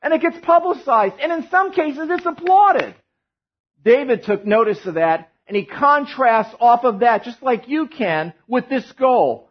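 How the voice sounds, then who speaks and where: A man preaching a sermon as pastor, animated and joking, telling stories to his church. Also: extremely high pitch, unhurried, slightly rough, lo-fi sound. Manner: animated, joking storyteller who drops to a hushed tone in prayer.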